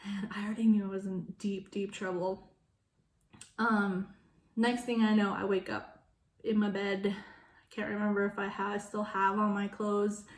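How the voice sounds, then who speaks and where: A young woman telling a personal story in a casual vlog, frank and full of swearing, laughing between lines and acting out quoted voices in sudden loud high bursts. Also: flat delivery, unhurried, reverberant. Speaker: vlogger.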